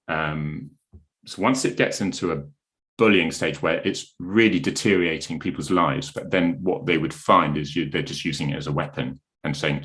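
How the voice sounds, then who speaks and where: An older Cornish man with a deep, low voice talks casually as a podcast guest. He tells stories in an animated way, breaking into quoted voices and laughter as he goes. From Cornwall, England. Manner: animated storyteller who acts out quoted voices and laughs often. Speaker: guest, former police sergeant.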